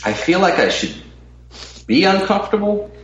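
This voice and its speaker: A man's voice: high-pitched, big pitch swings, moderate pace, dull audio. A man guesting on a podcast, answering with dry, wry one-liners. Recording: distant roomy mic with loud noise.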